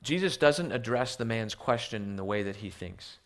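In an animated, lowish voice at normal speed, a missionary preacher gives a sermon in church accompanied by slides. He repeats words as he starts over and often asks his audience rhetorical questions.

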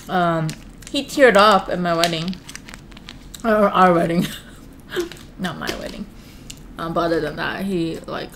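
A woman's voice: on the low side, slight background noise. A young adult woman vlogging casually at home, chatting to the camera with lots of "like" fillers. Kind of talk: casual chat to camera while eating.

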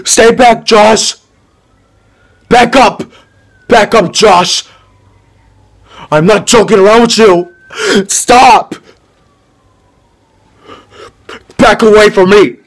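A man's voice: takes it slowly, gravelly, pauses often, heavily acted. An actor playing a frightened, broken young man in his twenties who pleads while crying. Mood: scared. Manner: pleading, sobbing, high and strained.

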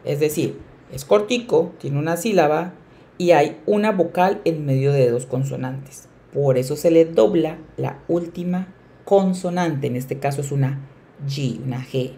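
A woman teacher with a slightly low voice explains grammar with strong emphasis. She repeats key words again and again and slows down to stress each example. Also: dark tone. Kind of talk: bilingual classroom explanation.

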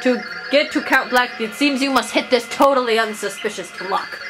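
A woman's voice: a little high, moderate pace, pitched above the performer's own voice, close to an everyday voice, poor audio. A woman reading out a fussy, jolly old male wizard from a video game, chatty and old-fashioned, over game music. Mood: cheery.

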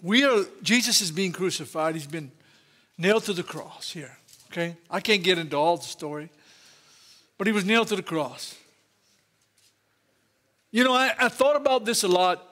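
Fervent Louisiana pastor, high voice. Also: male voice, animated, moderate pace, pauses often, pushed and bright. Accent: Louisiana Southern. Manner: fervent, exclaiming "praise God" and "hallelujah" often. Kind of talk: Pentecostal-style sermon. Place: church sanctuary.

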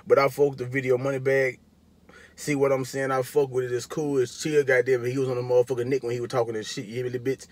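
A man's voice: medium pitch, little pitch movement, fast, a little mellow. A man hosting a music reaction video, talking in casual, profane, joking commentary with taunting asides.

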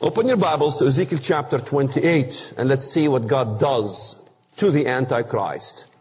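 Animated preacher man in a reverberant hall. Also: mid-range voice, normal speed. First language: Arabic. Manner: emphatic, animated, rhetorical questions. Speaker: speaker on biblical prophecy. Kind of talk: preaching Bible lesson.

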